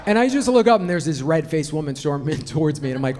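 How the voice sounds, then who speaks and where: Male stand-up comic, brash storyteller, high and animated, noisy club recording. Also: quick pace, hardly any pauses. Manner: brash, profane, punchy storytelling. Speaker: stand-up comedian. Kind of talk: stand-up comedy set. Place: comedy club stage before a laughing audience. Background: audience laughter.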